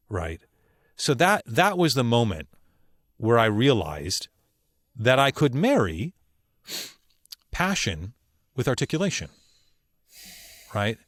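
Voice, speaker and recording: A man who works as a voice actor, telling personal stories as a podcast guest in an earnest, emphatic way with slow, weighty pauses. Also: mid-range voice, sing-song, a bit bright, no room sound, clean studio sound. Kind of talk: reflective interview storytelling.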